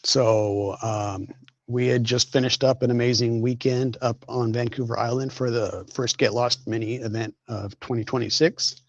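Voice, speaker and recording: A man on a video call from a hospital bed, calmly recounting what happened in a matter-of-fact way. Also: mid-range voice, moderate pace, dry recording, lo-fi sound. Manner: steady, matter-of-fact retelling with small restarts. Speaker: guest, crash survivor. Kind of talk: casual storytelling on a live stream.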